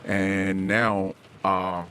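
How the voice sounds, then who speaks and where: Middle-aged male podcast host, very low voice, halting confessional delivery, quiet background hum. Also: flat delivery. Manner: halting and candid, frequent restarts and searching for words. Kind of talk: personal confessional podcast monologue. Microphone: podcast microphone, self-recorded.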